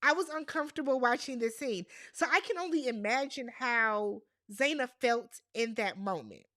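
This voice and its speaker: Exasperated but casual, this woman recaps a reality TV episode and addresses the cast straight on. Her voice is on the high side, expressive and a bit bright, at a normal speed.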